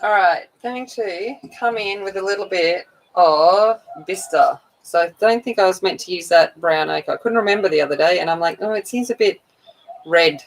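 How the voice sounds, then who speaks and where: A woman's voice: fairly low pitch, moderate pace, rough recording. A woman with a broad Australian accent, chatting casually and rambling while she colours on a livestream. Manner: chatty, rambling, self-mocking.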